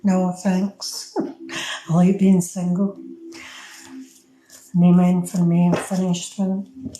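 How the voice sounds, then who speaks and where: A middle-aged Scottish woman chats away as she gives tarot readings on a live stream from her phone. Her voice is mellow and soft, and it carries a room echo with faint ambient noise behind it. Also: lowish voice, level tone, takes it slowly. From Scotland. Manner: chatty, talks to viewers, fumbles with the app. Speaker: tarot reader.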